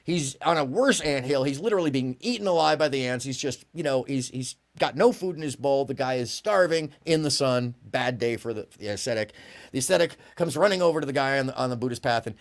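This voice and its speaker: A man's voice: medium pitch, fairly quick. A man on a discussion panel telling a story casually, with many fillers and restarts. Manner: animated, full of fillers.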